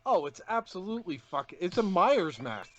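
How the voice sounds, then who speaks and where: A man's voice: sits high, sing-song, moderate pace. A man co-hosting a casual movie review podcast, playfully teasing and egging on his co-host.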